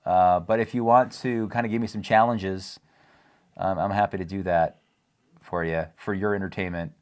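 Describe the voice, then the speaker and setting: A man co-hosting a casual chat, playful and quick to laugh. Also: low voice, fairly even intonation. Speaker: co-host.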